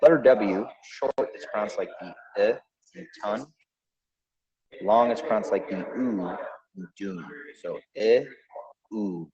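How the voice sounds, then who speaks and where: A man's voice: lowish voice, unhurried, crowd noise. A man hosting a podcast, giving a pronunciation lesson and carefully sounding out each example. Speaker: podcast host. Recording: dull lo-fi recording.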